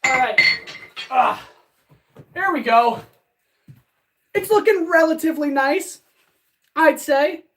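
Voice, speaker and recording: Breathless high-voiced woman forging at a distance. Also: expressive, takes it slowly, pauses often. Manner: upbeat and chatty, greets viewers in chat. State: out of breath from hammering. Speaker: blacksmith streamer. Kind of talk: casual live-stream narration while forging. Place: blacksmith forge workshop. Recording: distant mic with loud forge noise.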